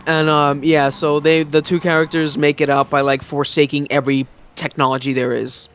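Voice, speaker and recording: A young man in casual chat during a gameplay video, rambling and excitable, with many fillers. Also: a little high, moderate pace, muffled recording, slight background noise.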